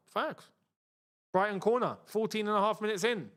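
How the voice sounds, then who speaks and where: A man's voice: high voice, moderate pace, pushed and bright. A young man casually hosting a live football watchalong, chatting in slang and reading out viewer messages. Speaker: host.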